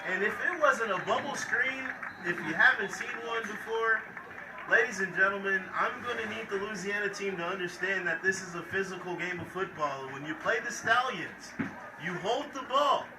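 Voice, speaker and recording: A man's voice: high voice, moderate pace. A man doing play-by-play commentary for a college football game, hyped and playful, talking straight to viewers, recorded at a stadium. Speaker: play-by-play announcer. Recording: echoey, distant mic with crowd noise.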